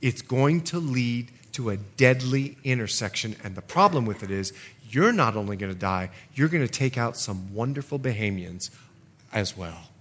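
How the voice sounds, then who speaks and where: A man preaching a sermon in an animated way, acting out little asides for the congregation. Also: mid-range voice, normal speed. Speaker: pastor.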